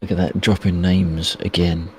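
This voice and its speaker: Super low gravelly guy ribbing his buddy on stream, dry and sarcastic. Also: flat delivery, moderate pace, a little mellow, a little hiss or hum. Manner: dry, teasing, sardonic. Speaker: stream host. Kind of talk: casual gaming chat.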